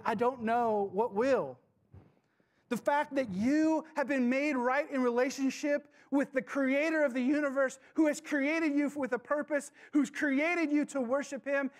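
A man preaching a sermon to his church, passionate, with dramatic pauses and questions to the congregation. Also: very high-pitched. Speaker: pastor.

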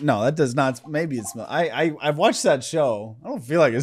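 A man's voice: a little high, expressive, moderate pace, hardly any pauses, breathy edge. A man giving casual let's-play commentary, thinking aloud as he plays. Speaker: gaming channel host.

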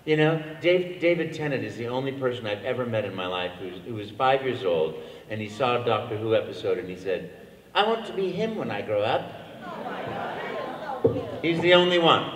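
An older man, a voice actor, telling a long, animated story on a convention panel, with frequent restarts. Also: mid-range voice, brisk. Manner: animated, rambling anecdotes with restarts. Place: large convention hall. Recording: echoey convention hall, mic from far.

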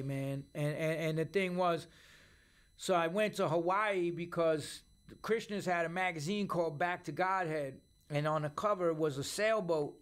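A middle-aged man with a New York accent telling profane, animated stories in a casual interview. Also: on the high side, clear, resonant tone. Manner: profane, animated storyteller who acts out quoted voices. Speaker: podcast guest.

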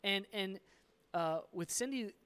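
A man's voice: sits high, unhurried, bright, forceful tone, clean tone. A male pastor talking frankly in a conversational sermon, with fillers and restarts. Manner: plain-spoken and frank, with fillers.

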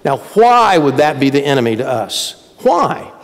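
A man preaching a sermon as pastor in a conversational way, swinging between emphatic rises and quiet drops. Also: mid-range voice, big pitch swings, unhurried, gravelly, long reverb tail. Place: church sanctuary.

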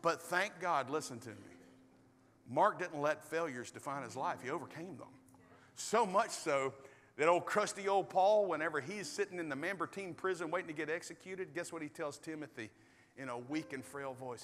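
A man preaching a sermon as pastor, animated, swinging between loud bursts and hushed storytelling. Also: on the high side, moderate pace. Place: large church hall. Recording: reverberant hall with soft music.

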